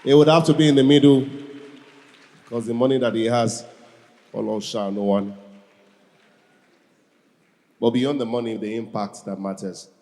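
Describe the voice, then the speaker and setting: A man hosting a live event, hurried, restarting phrases as he calls for applause. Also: mid-range voice, fairly even intonation, mellow. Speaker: event emcee. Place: large event hall. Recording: reverberant hall, long echo.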